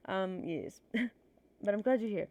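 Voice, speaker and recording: A woman's voice: medium pitch, measured pace, mellow, dry recording, dull audio. A woman streamer with a stuffy nose reading poetry aloud on a livestream, nervous and self-conscious, apologizing for her slips.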